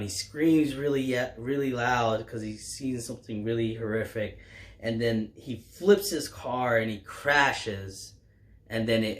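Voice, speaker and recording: A man casually recapping a horror comic as a reviewer, rambling along with lots of fillers and restarts. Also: fairly low pitch. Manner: rambling, filler-heavy retelling.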